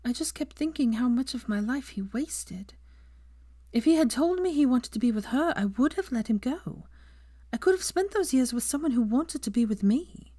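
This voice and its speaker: A woman voicing an earnest young adult witch who speaks softly, often near a whisper. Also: sits high, expressive, normal speed, no room sound, studio quality, voice pushed up. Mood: wistful.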